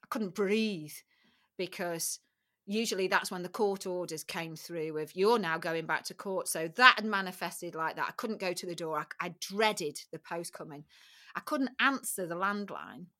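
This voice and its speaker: A woman's voice: lowish voice, normal speed, pushed and bright. A middle-aged woman speaking as a podcast guest, recounting personal experiences frankly and emotionally, often repeating her phrases. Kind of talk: candid personal interview.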